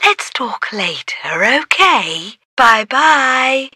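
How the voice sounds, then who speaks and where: A woman voicing a friendly playful preschool cartoon character who talks slowly and sets riddles for a child. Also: sits high, dry recording, studio quality, heavily acted. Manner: slow, animated, posing riddles to a child.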